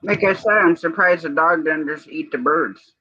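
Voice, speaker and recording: Brief: laid-back man, slow, very sharp bright timbre, dry dull stream sound. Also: a little high, slightly rough, no room sound. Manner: slow, laid-back talk with mild slang. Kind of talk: casual chat.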